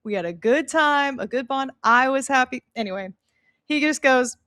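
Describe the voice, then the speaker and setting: A woman's voice: high-pitched, animated, normal speed, sharp tone, no echo, studio quality. A woman co-hosting a podcast, chatting casually and wryly, laughing often and playing up mock exasperation. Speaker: podcast co-host. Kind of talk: casual storytelling chat.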